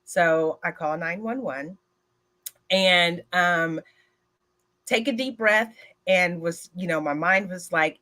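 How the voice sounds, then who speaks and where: A woman speaking at a retreat who tells a personal story in an animated way, addressing the audience directly and using many filler words. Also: fairly low pitch, slow pace, pauses often.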